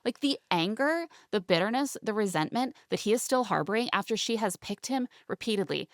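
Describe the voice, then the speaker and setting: A young woman co-hosting a podcast, recapping a reality show in animated, indignant casual chat. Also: mid-range voice, brisk, no echo, clean studio sound. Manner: animated, indignant, quotes people in mocking voices. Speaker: podcast co-host.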